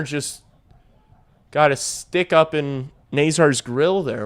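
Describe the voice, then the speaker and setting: Excitable young man calling hockey live. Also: fairly high pitch, slow pace. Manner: excitable, swears freely, talks to chat. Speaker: livestream hockey watch-along host. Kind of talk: casual live play-by-play reaction.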